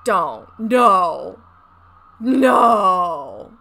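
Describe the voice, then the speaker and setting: A young woman casually commenting on her life-sim game, chatty and excitable, talking to her characters as she plays. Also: medium pitch, extremely slow, gravelly. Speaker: let's play gamer.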